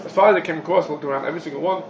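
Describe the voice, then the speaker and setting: A man's voice: on the high side, rapid-fire, creaky, crowd noise. A man giving a halacha class in English, packed with Hebrew and Yiddish terms, in an echoey room. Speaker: Talmud teacher. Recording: echoey room, background noise.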